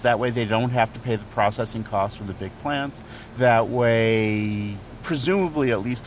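A man's voice: mid-range voice, slight background noise. A man working as a restaurant critic, talking casually and knowledgeably about food, thinking aloud with the odd filler, recorded first in a car at a drive-thru and then in a restaurant. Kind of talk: casual conversational explaining.

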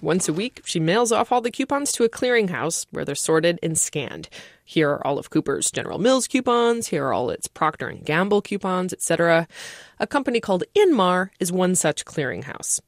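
A woman radio reporter narrating a news feature in a brisk, wry way. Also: fairly low pitch, sing-song, dry recording, clean studio sound.

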